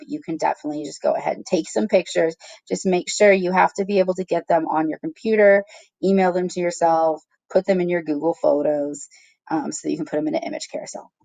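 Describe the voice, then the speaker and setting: A woman's voice: on the low side, gravelly, a little mellow, no echo. A woman teacher giving a patient, step-by-step screen-recorded tutorial, checking in with her students as she goes.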